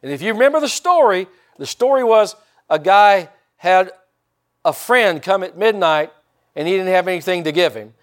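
Guy preaching, chatty sermon, talks right to the crowd, voice a bit high. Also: animated, normal speed. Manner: conversational preaching, talks to the congregation. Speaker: pastor.

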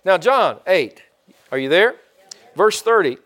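Folksy older male preacher, high-pitched. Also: big pitch swings, measured pace, a bit bright. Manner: folksy, calls for amens from the congregation. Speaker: pastor. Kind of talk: sermon.

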